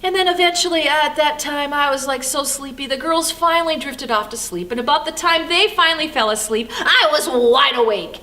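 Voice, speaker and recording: An older woman pastor delivers a devotional sermon built around a personal story, first animated, then soft and reflective. Her voice sits high, and she speaks briskly with few pauses.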